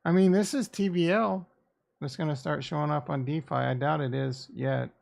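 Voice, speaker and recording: A man's voice: fairly high pitch, fairly even intonation, normal speed, gravelly, a little mellow. A man streaming casually, muttering blunt, sarcastic and profane remarks to himself into a desk microphone. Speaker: crypto streamer. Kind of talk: casual live-stream commentary.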